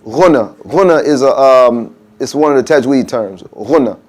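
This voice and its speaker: A man's voice: medium pitch, animated, normal speed, faint music behind. A man teaching a workshop in a mosque room. He talks casually, checks in often with "okay?" and says pronunciations aloud to show them. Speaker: adhan workshop instructor.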